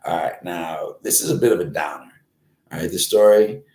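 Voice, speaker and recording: A man in his forties tells a crude, rambling story, swearing all the way through and raising his voice whenever he acts out a scene. His voice sits on the low side. The sound bounces around an echoey room. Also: normal speed. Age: 40s. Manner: crude, rambling, swears constantly, animated when reenacting. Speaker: host. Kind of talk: profane storytelling monologue. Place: Florida, United States.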